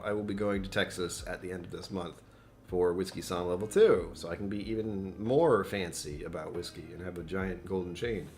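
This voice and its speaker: A middle-aged man with a deep, low voice, chatting loosely on a home live stream. He rambles, pokes fun at himself and laughs a lot. A faint hum of room noise sits behind him. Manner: rambling, self-deprecating, laughs often. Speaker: whiskey channel host. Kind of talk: casual live-stream chat.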